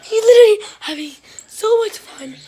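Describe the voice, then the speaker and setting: A woman chatting excitedly while filming her playful puppies, often gasping and exclaiming. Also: very high voice, normal speed. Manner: excitable, shrieks and gasps, keeps exclaiming. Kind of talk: casual excited commentary.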